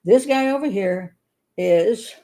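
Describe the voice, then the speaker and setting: A woman's voice: medium pitch, expressive, slow, dark tone. A woman hosting a true crime show, commenting on a case in a chatty, digressive way and laughing often. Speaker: criminal profiler host.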